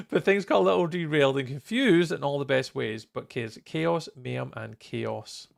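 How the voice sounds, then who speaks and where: Building on a live stream, a male server host chats casually and rambles while greeting viewers, sounding tired and yawning. His medium-pitched, creaky voice moves at an unhurried pace. The audio is studio quality with no echo.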